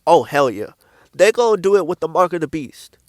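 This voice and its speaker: High-voiced guy preaching casual on his vlog, blunt, swears a lot, says stuff twice, dry close sound. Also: very animated, fairly quick, no echo. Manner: blunt, profane, repeats himself for emphasis. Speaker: Christian speaker.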